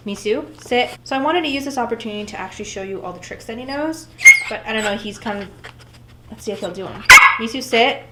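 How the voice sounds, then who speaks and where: A woman's voice: on the high side, expressive, quick pace, heavy background noise. A young woman in her twenties chatting casually at home through a camera mic, often breaking off to scold and praise her puppy. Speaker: vlogger. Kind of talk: casual unboxing vlog.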